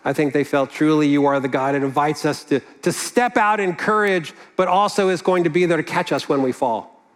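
A man's voice: fairly high pitch, fairly quick. Earnest, conversational male preacher. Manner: conversational, earnest, with asides and restarts. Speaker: pastor. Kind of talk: sermon.

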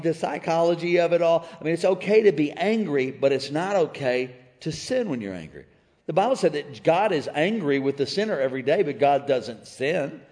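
Middle-aged male pastor with a high voice, storytelling sermon style that rallies the crowd, big hall echo. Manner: animated storytelling, calls out to the congregation. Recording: reverberant church hall.

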